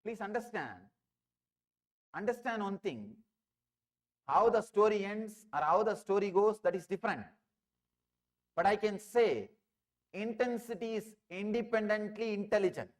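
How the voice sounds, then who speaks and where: An Indian-accented male spiritual teacher giving a discourse, his voice sitting somewhat high for a man. He speaks emphatically, telling parables and repeating words to drive each point home. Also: animated, a little slow, pauses often. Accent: Indian English. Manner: emphatic, repeats phrases for effect.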